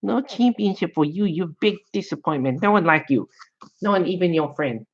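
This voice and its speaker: A man's voice: sits high, expressive, normal speed, pitched above the performer's own voice. Man doing fussy tournament stickler, mock-stern, jokey, muffled lo-fi. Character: snooty male tournament rules stickler. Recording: dull lo-fi sound.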